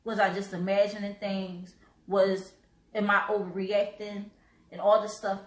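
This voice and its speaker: A woman hosting a live stream, talking earnestly with halting restarts and repeated words, choked up and coughing now and then. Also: medium pitch, little pitch movement, roomy sound, low-quality recording. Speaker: host.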